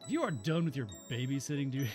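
A man's voice: medium pitch, sing-song, quick pace, darkish tone, soft background music, lightly acted. A man voicing a stern, formal older headmaster in a game read-along.

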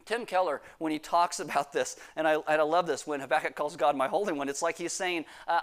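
A pastor preaching a sermon, reading scripture and acting out quoted prayers with sudden bursts of emphasis. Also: male voice, a little high, fairly even intonation, brisk, hardly any pauses.

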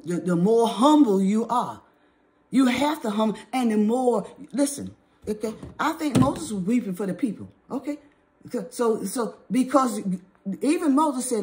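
A woman teaching the Bible in an informal sermon, often checking in with "okay?" and slowing down to read scripture aloud. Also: mid-range voice, a little mellow. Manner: repeats "okay?" often, exhorting; reads scripture aloud in slower measured pace.

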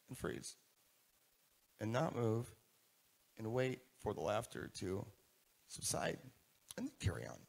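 Guy doing a conference keynote, gravelly voice, pitch all over the place, keeps quizzing the crowd. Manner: animated, asks the audience questions. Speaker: keynote speaker. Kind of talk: live conference keynote talk. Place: conference room before an audience.

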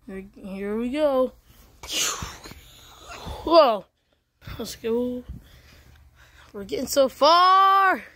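Excitable woman doing gameplay commentary. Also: a little high. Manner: excitable, reacting out loud to the game. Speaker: gaming video creator.

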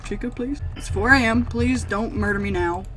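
Bright-voiced woman shrieking through a horror game. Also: a little high, moderate pace, faint music behind. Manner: sarcastic, talks back to the game characters; screams and shrieks at jump scares. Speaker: gaming channel host. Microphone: desk microphone.

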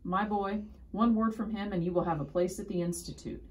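A woman's voice: medium pitch, fairly even intonation, fairly quick, pitched above the performer's own voice, close to an everyday voice. A woman voicing an eager, kindly music teacher. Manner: eager, encouraging. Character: kindly older male music teacher, enthusiastic.

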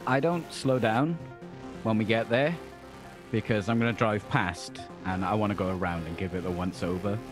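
A man's voice: fairly low pitch, normal speed, music in the background. A man playing in a tabletop game, brash and profane. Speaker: player.

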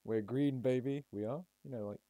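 A man's voice: mid-range voice, normal speed, mellow. A man chatting casually while streaming a game. He reads chat aloud, answers it and swears freely. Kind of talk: casual game livestream commentary.

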